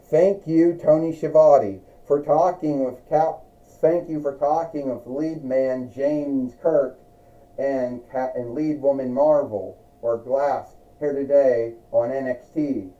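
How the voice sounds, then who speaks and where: Brief: man as narrator-commentator, slow and rambling, muffled lo-fi recording. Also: medium pitch, steady tone, dark tone, distant mic. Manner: rambling, with slips. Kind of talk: homemade wrestling show narration. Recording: dull lo-fi recording.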